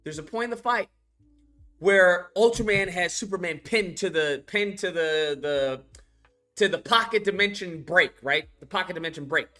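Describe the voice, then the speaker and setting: A man film reviewer with a high-sitting voice casually recaps a film scene by scene at a moderate pace, with faint music behind him. He swears a lot and animatedly acts out the characters as he retells each scene.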